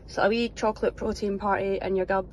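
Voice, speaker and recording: A young Scottish woman talks quickly in a medium-pitched, level, somewhat dark voice over slight background noise. A professional footballer, she vlogs her day indoors at home and at training, speaking chattily to her phone camera, upbeat and self-mocking, with early-morning whispering.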